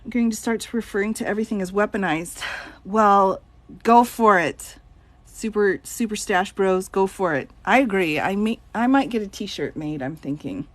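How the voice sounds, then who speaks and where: A woman's voice: medium pitch, normal speed, no echo. A woman attorney on a casual live stream, reading out viewer questions and answering them with lots of laughter. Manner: giggly, reads out chat questions and answers them.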